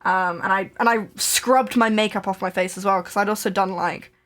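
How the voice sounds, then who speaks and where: A woman's voice: medium pitch, steady tone, normal speed, fairly bright tone. A young woman hosting a crafting live stream, telling a rambling story in casual chat with many restarts and giggles.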